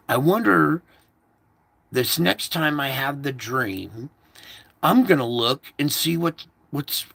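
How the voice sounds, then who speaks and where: A man's voice: mid-range voice, vocal fry, bright, forceful tone, dry recording. A man recounting a recurring dream in a rambling, repetitive casual monologue, stopping now and then to fiddle with his equipment.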